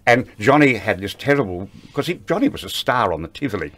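An older man with a fairly low voice tells backstage anecdotes in an interview. He is a lively raconteur who slips into the voices of the people he remembers. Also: fast talker, slight background noise. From Australia. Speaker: interview guest, ballet veteran.

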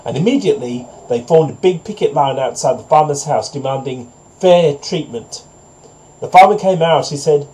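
Man, narrator, fable reading, mellow, fairly high voice, moralising. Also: moderate pace, low-quality recording. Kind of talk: storybook narration, then preachy commentary.

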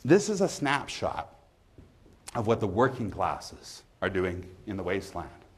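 A man who is a literature professor, giving a measured, emphatic university lecture in a lecture hall. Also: on the low side, sing-song, slightly rough.

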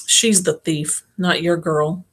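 A woman's voice: fairly low pitch, steady tone, takes it slowly, fairly bright tone. A woman reading as a sheepish old grandfather. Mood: embarrassed. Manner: sheepish and apologetic. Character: embarrassed, apologetic grandfather.

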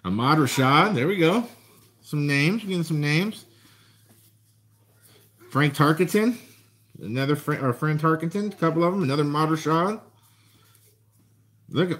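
A man chatting casually to viewers while opening a box of trading cards. He gets excited and shouts over good finds. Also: on the high side, normal speed, long pauses. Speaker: card collector vlogger.

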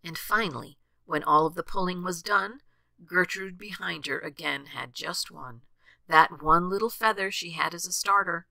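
An older woman reading a rhyming storybook aloud with expressive, sing-song rhythm. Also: lowish voice, normal speed, gravelly, no room sound.

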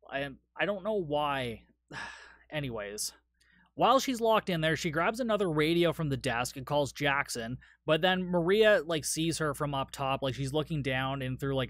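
A man's voice: on the high side, a bit bright, no room sound. Tired, profane man recapping a movie. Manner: casual and profane, rambling recap. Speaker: podcast host. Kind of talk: solo movie review podcast.

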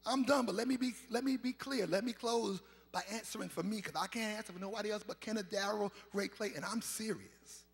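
A man, a pastor preaching a sermon in a chanting, sing-song style that builds to shouts, recorded live in a large church. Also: sits high, fairly quick, vocal fry, few pauses. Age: 50s. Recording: live church recording with long reverb and faint organ.

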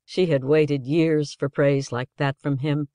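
A man narrating an audiobook in an even, measured storytelling voice. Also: a little high, no echo, studio quality. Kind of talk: scripted narration.

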